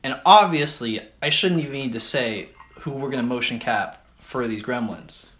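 A man co-hosting a comedy podcast riffs loosely on an invented film plot, his speech a bit slurred and run together. His pitch is ordinary and middling, his tone a bit bright, his speed normal, and his rambling is broken by laughter and goofy character voices.

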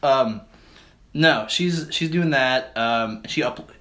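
A man riffs loosely through an invented film plot on a comedy podcast, his words running together in a slightly slurred way. His voice sits at an ordinary middle pitch, and he keeps breaking into laughter and goofy voices as he goes. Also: slow pace, pushed and bright. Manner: rambling, laughing through lines, slips into silly character voices. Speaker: podcast co-host. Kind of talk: comedic riffing on a made-up movie plot.

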